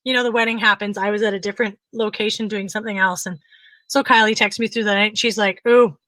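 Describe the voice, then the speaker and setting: A woman co-hosting a talk show, telling a funny story in a casual, animated way and acting out what others said. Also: medium pitch, fast, no echo. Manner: animated, frequent laughter, acts out quotes. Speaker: podcast co-host.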